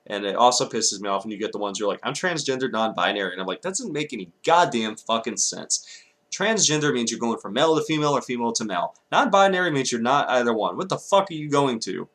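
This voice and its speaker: A man's voice: medium pitch, big pitch swings, rapid-fire, few pauses, a bit bright. A young man from Texas ranting angrily in a vlog, swearing often and breaking off to apologize. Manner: angry, profane ranting with apologetic asides. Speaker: vlogger.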